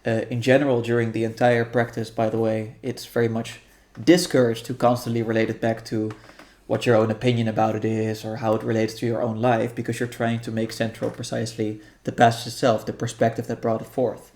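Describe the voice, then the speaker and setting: A man calmly explaining how a guided meditation practice will go, thinking aloud with frequent restarts. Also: medium pitch. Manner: thoughtful, halting, many restarts and fillers. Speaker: guest guiding a meditation practice. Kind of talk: explaining a practice in casual conversation.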